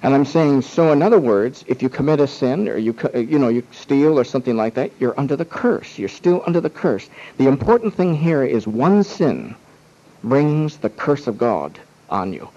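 Man, Bible teacher, emphatic, rhetorical questions, mid pitch, dull lo-fi sound. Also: sing-song, normal speed, dark tone. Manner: emphatic, rhetorical questions, quotes objections in acted voices. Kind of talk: teaching talk on witnessing.

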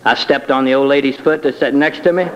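A man's voice: mid-range voice, steady tone, fast talker, dull audio, very noisy. A man giving a personal testimony in a colloquial, self-deprecating storytelling way with wry humor.

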